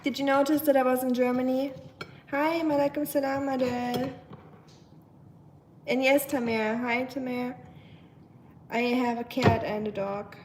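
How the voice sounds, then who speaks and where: Cooking in her home kitchen, a woman hosts a casual live stream on a propped-up phone, chatting with viewers and answering chat. Her high voice is slightly nasal and stuffy, a little mellow, fairly even in intonation, with a measured pace and long pauses. The kitchen sounds echoey, and the cooking noise comes through clearly.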